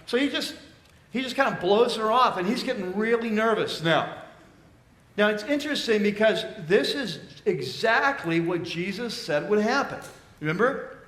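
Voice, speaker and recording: A man preaches in a relaxed, chatty storytelling manner. His voice sits fairly high, and it rings through a roomy, echoey church hall. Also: normal speed. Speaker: pastor. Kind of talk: sermon.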